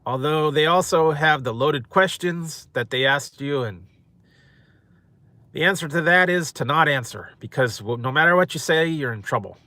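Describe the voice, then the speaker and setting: Guy rambling at his live chat, bright sharp voice, laughs a lot. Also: on the high side, animated, normal speed, dry recording. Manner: rambling, chuckling often. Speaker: mukbang host. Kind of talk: casual chat to live viewers.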